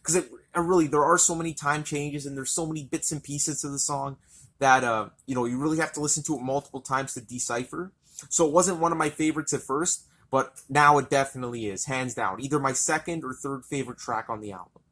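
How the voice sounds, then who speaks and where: A man's voice: medium pitch, a little fast, fairly bright tone. A man reviewing an album in a casual, rambling, enthusiastic way, swearing often.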